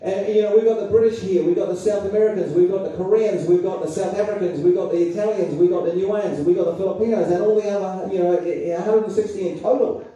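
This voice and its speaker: A New Zealand man gives an emphatic political seminar speech in a public hall, firing off rhetorical questions at those listening. His high, mellow voice races along with few pauses, sounding remote amid the hall's heavy echo.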